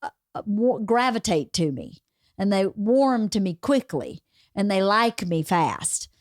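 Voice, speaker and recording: A woman's voice: medium pitch, sing-song, a little slow, dry recording. Woman, Southern American accent, podcast host, casual chat, dry sound. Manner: warm, chatty, acts out quoted voices.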